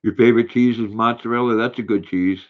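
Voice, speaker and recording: An older man, hosting a casual livestream, rambling and halting as he reads viewer comments aloud. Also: mid-range voice, fairly even intonation, dull audio. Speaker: livestream host reading chat.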